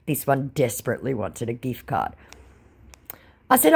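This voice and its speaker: Sarcastic woman, lively low voice. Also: moderate pace, creaky, slightly rough. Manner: dry, mocking sarcasm. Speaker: scam-baiting channel host. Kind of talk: sarcastic storytelling narration.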